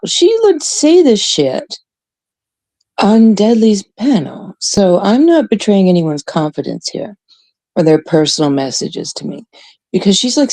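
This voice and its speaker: A woman's voice: medium pitch, dry recording. Blunt, swearing Canadian woman. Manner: blunt, swearing, animated rants. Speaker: livestream host. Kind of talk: casual livestream chat.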